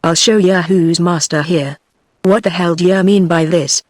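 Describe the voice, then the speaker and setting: A text-to-speech woman's voice reading the lines of a bullying old male first mate, shouting threats, dry close sound. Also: sits high, steady tone, normal speed, no echo, lightly acted. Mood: angry.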